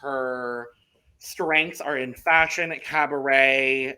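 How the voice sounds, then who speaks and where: A man's voice: mid-range voice, steady tone, drawn-out words, pushed and bright, clear, resonant tone. A man co-hosting a casual podcast chat, enthusiastically running through contestant details. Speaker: podcast co-host.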